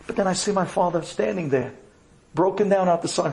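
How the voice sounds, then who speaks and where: A rabbi giving a dramatic personal storytelling talk, swinging from loud to quiet for emphasis. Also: male voice, high-pitched, fast, vocal fry.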